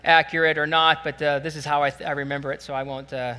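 Male pastor, chatty sermon delivery full of "uh"s, higher pitch, reverberant church hall. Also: little pitch movement, fast talker, sharp tone, clean tone. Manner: conversational storytelling with frequent fillers.

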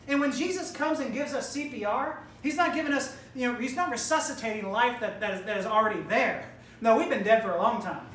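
High-voiced woman preaching in a roomy hall. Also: a bit bright, a little hiss or hum. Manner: emphatic, rhetorical, addresses death directly. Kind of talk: sermon. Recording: roomy hall, distant mic, faint ambience.

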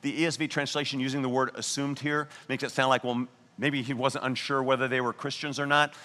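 A man preaching a sermon as pastor, telling a story and slowing down to stress key words. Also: medium pitch, flat delivery, pushed and bright, long reverb tail. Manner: earnest storytelling preaching, slows down for emphasis.

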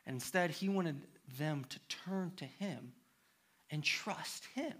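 A man's voice: fairly high pitch, slow, a bit bright. A man preaching a sermon as pastor, reading scripture aloud and then building to an emphatic, impassioned appeal. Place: church.

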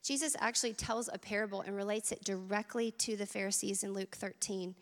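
A woman's voice: mid-range voice, steady tone, fairly quick, long reverb tail. A woman preaching a sermon at church, earnest and conversational, with asides to the congregation. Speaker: teaching pastor.

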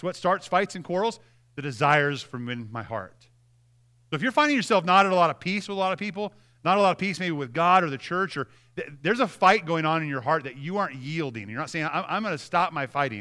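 A male pastor in his thirties delivers a sermon in a bright, somewhat high voice. He talks earnestly and conversationally, often restarting his sentences.

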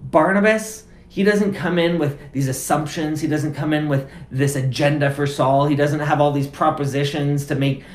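A man's voice: a little high, fairly even intonation, moderate pace, hardly any pauses. A man preaching a sermon as pastor, conversational and casual, driving points home through repeated phrases. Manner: conversational, emphatic repetition. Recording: roomy echo.

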